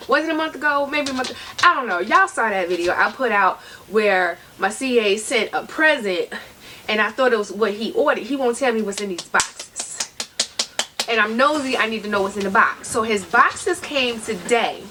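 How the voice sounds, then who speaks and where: A chatty, playful woman hosts an unboxing vlog at home, her voice sitting a bit higher than most. She is picked up from a distance. A clear hum of room noise runs behind her. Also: lively intonation, moderate pace. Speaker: vlogger. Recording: distant mic, noisy room.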